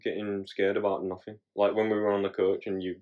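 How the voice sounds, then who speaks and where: A young man, a podcast co-host recounting holiday stories in a relaxed, matter-of-fact way. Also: on the low side, brisk, muffled recording. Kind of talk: casual chat.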